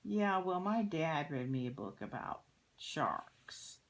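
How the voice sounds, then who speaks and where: A woman voicing a loud, pushy little boy who blurts out and keeps interrupting. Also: high-pitched, takes it slowly, creaky, pitched above the performer's own voice, full character voice. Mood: boastful.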